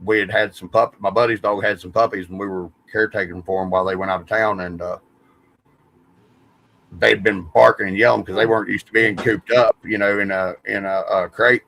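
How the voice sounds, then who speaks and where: A man's voice: lowish voice, fairly even intonation, fairly quick, creaky, fairly bright tone, a little hiss or hum, low-quality recording. A man, rambling through stories in a casual podcast chat and swearing freely. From West Virginia. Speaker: podcast host.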